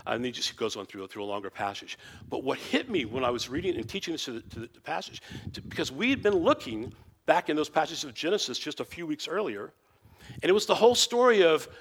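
A man's voice: fairly high pitch, fairly bright tone. A man who teaches the Bible, talking informally and rambling with lots of "you know" and restarts.

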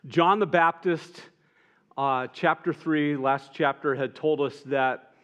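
A man preaching a sermon in an earnest way, rising to emphatic peaks and dropping soft and tender at moments. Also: fairly high pitch, slow pace. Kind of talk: sermon retelling gospel scenes.

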